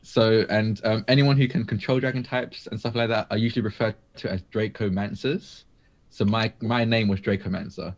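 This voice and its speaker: A man's voice: fairly low pitch, fairly even intonation, a little fast. A man guesting on a live stream in casual chat, hesitant, with many fillers and small laughs. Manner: hesitant, many ums and likes, chuckles.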